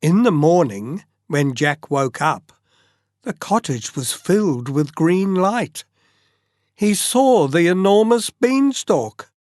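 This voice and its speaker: A storyteller reads a fairy tale as bedtime listening practice, pacing every phrase very slowly. The voice rises and falls in a lively, sing-song way. It is recorded close and dry, with no room sound. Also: mid-range voice, dry recording. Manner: very slow, expressive read-aloud.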